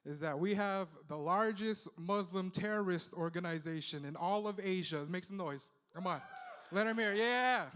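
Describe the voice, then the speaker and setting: A man's voice: high voice, a bit bright, smooth. A man doing a loose, profane stand-up set in a comedy club, peppering his lines with "you know.". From Philippines heritage, Bay Area. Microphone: handheld stage mic. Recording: live club with long reverb.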